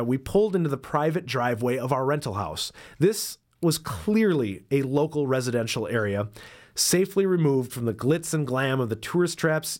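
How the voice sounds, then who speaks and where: A man hosting a podcast, reading a travel story aloud and breaking off for wry, self-deprecating jokes. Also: medium pitch. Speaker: podcast host and dairy farmer.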